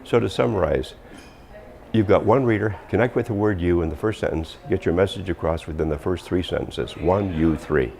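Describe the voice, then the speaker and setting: Very deep, gravelly-voiced man coaching. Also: normal speed, darkish tone, a little hiss or hum. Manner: emphatic, drops pitch firmly on endings. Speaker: communication coach. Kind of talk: instructional talk.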